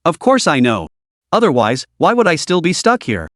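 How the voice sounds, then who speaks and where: A man's voice: fairly high pitch, huge pitch swings, moderate pace, dry recording, clean studio sound. A male narrator voicing a wary, sarcastic young woman held captive, in a lightly raised voice. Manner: sarcastic, testing.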